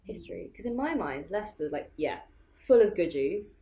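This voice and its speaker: Relaxed young woman interviewer. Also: fairly low pitch. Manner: relaxed, questioning, quick to react. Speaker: interviewer, critic. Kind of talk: casual interview chat.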